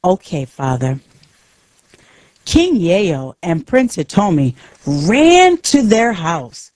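A woman narrating a simple storybook aloud, slow and clear for learners. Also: mid-range voice, wildly swooping pitch, darkish tone, no echo.

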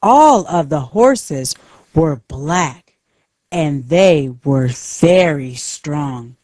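A woman narrating a simple storybook aloud, slow and clear for learners. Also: low voice, a little mellow, dry recording.

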